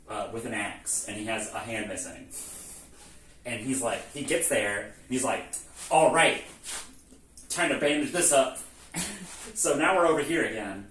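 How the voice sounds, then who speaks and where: In a mid-range voice, a man casually walks through a game's plot like a comedic lecture, animatedly performing characters' lines and peppering it with swearing and laughter. The audio has room echo, a far-off mic, and a little faint noise.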